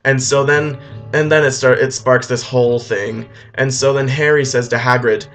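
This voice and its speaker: A man's voice: mid-range voice, steady tone, normal speed, a bit bright, faint music behind. A man rambling offhand through a comic story retelling, with loose restarts.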